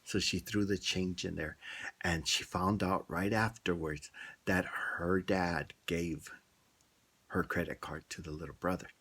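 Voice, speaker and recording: Deep, husky man telling a story. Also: steady tone, measured pace, a bit bright. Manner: chatty, asks the viewers questions. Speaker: vlogger. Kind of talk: casual storytelling commentary.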